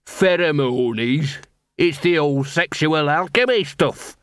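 A man's voice: fairly high pitch, slow pace, clean tone, dry recording, studio quality. A male reader voicing a scruffy, cheeky male street dog who talks streetwise slang. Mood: cocky. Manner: streetwise, cocky, working-class slang.

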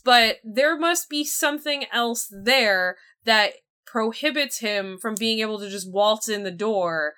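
Bright-voiced woman chatting casually. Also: a little high, a little slow, hardly any pauses. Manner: animated, rambling with many fillers. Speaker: podcast co-host. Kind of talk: casual chat.

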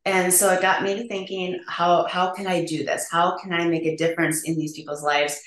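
A woman's voice: on the low side, flat delivery, moderate pace, a bit bright. A middle-aged woman, a nurse practitioner guest, explaining earnestly with frequent ums. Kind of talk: conversational interview. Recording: echoey room.

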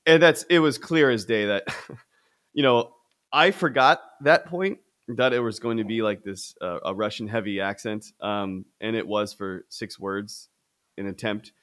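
A young adult man co-hosting a casual podcast talks about films in a loose, rambling way, animated and constantly restarting his sentences. His voice sits on the low side, and his pace is measured.

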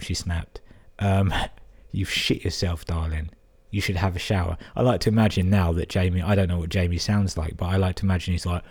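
A man's voice: sits low, flat delivery, brisk, a little mellow. A man hosting a podcast, reading out listener emails and breaking in with crude, amused asides. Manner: crude, sweary, amused interjections. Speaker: podcast host.

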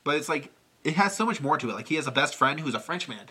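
A young man talking fast and brightly, retelling a film with lots of "like"s and acted-out bits. His voice sits a little high and stays lively and forward in casual chat. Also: breathy edge. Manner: animated storyteller acting out scenes with many "like"s. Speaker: podcast co-host.

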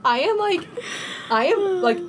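A woman co-hosting a podcast, telling a story in casual chat, animated and laughing, acting out quotes in a high panicked voice. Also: measured pace, slight background noise. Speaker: podcast co-host.

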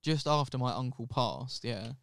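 A man's voice: medium pitch, animated, normal speed, creaky, a bit bright, no echo. Young man, podcast co-host, candid storytelling, resonant voice, dry close sound. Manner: candid, swears freely, acts out quoted dialogue. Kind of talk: casual storytelling chat.

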